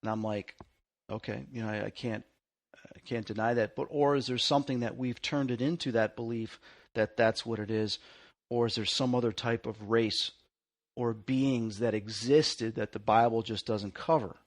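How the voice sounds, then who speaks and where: A male host with a mid-range voice speaks in casual conversation. He tells stories with mounting excitement, acting out the lines he quotes. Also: medium pitch, normal speed. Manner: excitable storyteller, acts out quotes.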